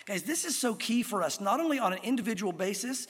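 A pastor preaching a sermon in an earnest, emphatic way, slowing down to stress key words. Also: male voice, sits high, expressive, fairly bright tone, slightly rough. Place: church sanctuary. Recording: long reverb of a church hall.

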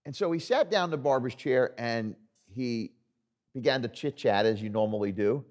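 A man's voice: mid-range voice, normal speed, darkish tone. A male pastor preaching a sermon in an earnest, conversational, storytelling way.

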